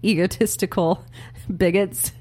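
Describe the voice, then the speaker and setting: A woman's voice: medium pitch, fairly even intonation, a little slow, dark tone. A woman co-hosting a political podcast in a studio, speaking earnestly and laughing between points. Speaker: podcast co-host.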